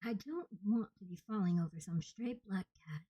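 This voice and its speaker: A woman's voice: mid-range voice, normal speed, dark tone, slightly rough, no room sound, far from the mic, lo-fi sound, lightly acted. A woman voicing a stern, hard-bitten female watch officer who gives curt commands.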